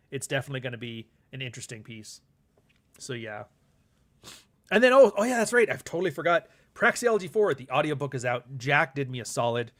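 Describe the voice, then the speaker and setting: A man's voice: mid-range voice, fairly bright tone. Rambling, candid man talking casually. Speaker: podcast host and author. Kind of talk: casual vlog monologue.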